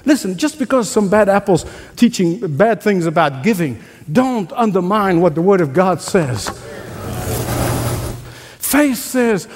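A man preaching a sermon as pastor, animated, acting out voices and laughing as he goes. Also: sits high, a little slow. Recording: long reverb of a large hall.

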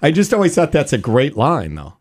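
A radio show co-host with a slightly high voice tells stories at a fairly quick clip, animated and teasing in casual chat. The studio sound is clean with no echo.

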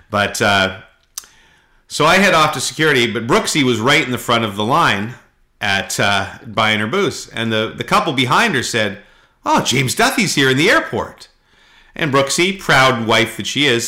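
A middle-aged man hosting a chatty podcast, his voice bright and forward. He rambles through anecdotes, stopping on filler words and slipping into little voices for the people in his stories. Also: mid-range voice. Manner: rambling storyteller, frequent halting fillers, does voices in anecdotes. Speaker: podcast host. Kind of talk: casual podcast chat.

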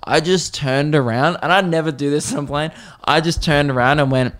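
An Australian man, a comedian hosting his own podcast, telling a story in an animated, profane, mocking rant. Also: a little high, a little fast.

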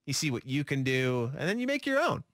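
A man's voice: a little high, big pitch swings, a little fast, a bit bright, no room sound. A man co-hosting a radio talk show, opinionated and sarcastic, often acting out what other people say. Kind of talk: casual chat.

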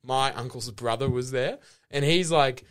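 A man's voice: mid-range voice, unhurried. An Australian man co-hosting a comedy podcast, telling a rambling story and laughing through his words. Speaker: podcast co-host. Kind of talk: improv comedy podcast chat.

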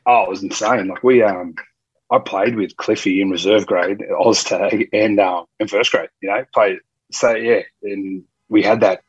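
A husky, fairly low-pitched Australian man in his early forties spins long, rambling anecdotes in casual talk. His voice sounds dry and a little dull, as if on a modest mic. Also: steady tone, normal speed, no room sound. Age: early 40s. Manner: rambling, with frequent restarts and quoted dialogue. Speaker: former rugby league player, guest. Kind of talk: casual storytelling.

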